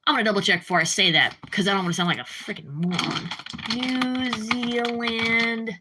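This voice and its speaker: A woman streamer chatting casually with her live chat, rambling and jumping up in pitch when she gets worked up. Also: very fast, very noisy. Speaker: livestreamer.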